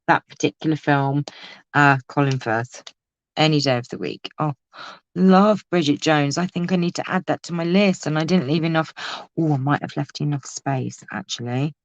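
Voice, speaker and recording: A woman's voice: very deep voice, dry recording. Bubbly woman crafting live, gushing and laughing, dull dry lo-fi audio. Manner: chatty, exclamatory, laughs often. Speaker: crafting vlogger. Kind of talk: casual live crafting chat.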